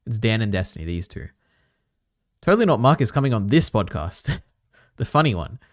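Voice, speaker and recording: A man's voice: fairly low pitch, very animated, moderate pace, dry recording, clean studio sound. A man chatting casually on a live stream, reacting to clips and rambling with lots of filler words. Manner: rambling, many fillers, chatty asides to chat.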